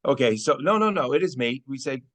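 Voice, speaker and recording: A man's voice: mid-range voice, lively intonation, a little fast, fairly bright tone. A man hosting a sports podcast in a playful, teasing way, often mock-outraged. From Las Vegas. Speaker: podcast host. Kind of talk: casual sports podcast chat.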